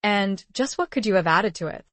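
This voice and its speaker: A man's voice: high voice, expressive, normal speed, fairly bright tone, dry recording. A woman reading an audiobook, voicing a dry, bantering aristocratic husband and father.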